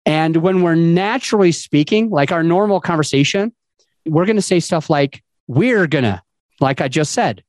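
A man's voice: fairly high pitch, moderate pace, darkish tone, dry recording. A man hosting a podcast, giving casual advice in a loose, conversational way with fillers and restarts. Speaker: podcast host.

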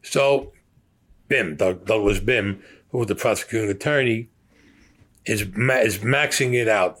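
Low-voiced man telling a heated story. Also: normal speed, a bit bright. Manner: heated, acts out quoted voices. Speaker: interviewee recounting his past. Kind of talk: profane storytelling.

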